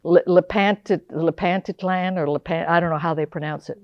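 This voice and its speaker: An older woman giving a lively history lecture, often putting questions to the audience. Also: on the low side, moderate pace, dry recording, dull audio. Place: lecture hall.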